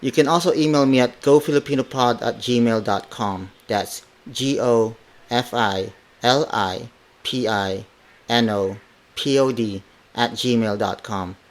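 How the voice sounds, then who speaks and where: A man with a medium-pitched voice teaches in an unhurried, measured way. He repeats each word again and again and spells it out letter by letter, like a patient tutor leading a drill. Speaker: podcast host teaching Tagalog. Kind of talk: slow language lesson with repeated drills. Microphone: podcast mic.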